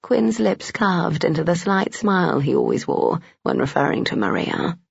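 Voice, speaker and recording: Male narrator for a romance audiobook, steady and gravelly, on dull lo-fi audio. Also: on the high side, normal speed, no echo.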